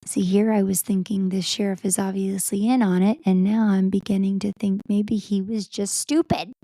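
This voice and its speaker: A woman's voice: mid-range voice, level tone, normal speed, dark tone, no echo. A woman co-hosting a podcast, chatting casually about a film and reacting aloud to scenes as she watches. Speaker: podcast co-host. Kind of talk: casual movie commentary chat.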